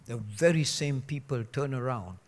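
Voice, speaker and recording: A man preaching a sermon, joking and mimicking people, then dropping to a low, earnest tone. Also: animated, moderate pace. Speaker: pastor.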